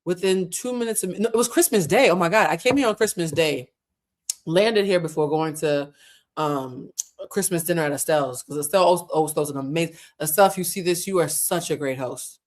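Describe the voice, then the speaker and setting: Brief: thirties woman, streamer host, chatty storyteller, low voice with lively swings. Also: brisk. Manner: chatty, laughs often, swears casually. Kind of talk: casual livestream chat.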